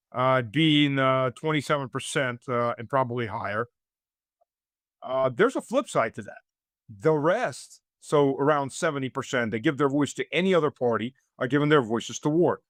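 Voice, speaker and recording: Middle-aged guy, bit high voice, blunt and sarcastic, lots of uhs, dry close sound. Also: dry recording. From United States. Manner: sardonic, blunt, many hesitant "uh" fillers. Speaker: interview guest, military-political commentator. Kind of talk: unscripted interview commentary.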